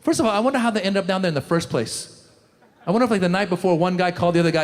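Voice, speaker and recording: A man doing a stand-up comedy set, animated, slipping into loud impressions of the people in his jokes. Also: high voice, rapid-fire. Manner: animated, jumps into shouted impressions. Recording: live show in a large hall.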